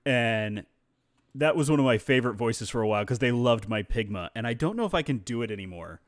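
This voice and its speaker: Animated man with a lively pitch. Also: quick pace, no echo, studio quality. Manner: animated storyteller who slips into voices. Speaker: streamer and voice actor. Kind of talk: casual stream chat.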